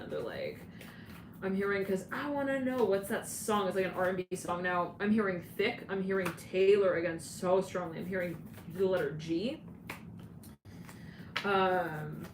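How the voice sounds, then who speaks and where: Chatty giggly lady doing a tarot reading, kinda far from the mic, noisy roomy sound. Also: medium pitch. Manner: giggly, rambling, laughs often. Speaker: tarot reader. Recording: roomy, distant mic with clear background noise.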